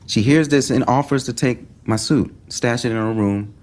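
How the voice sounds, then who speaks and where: A man's voice: medium pitch, normal speed, lightly acted. An actor playing a young man casually recounting a college story in TV series dialogue, often checking in with "right?". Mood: casual, storytelling. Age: young adult. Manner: relaxed storytelling, seeks agreement with "right?".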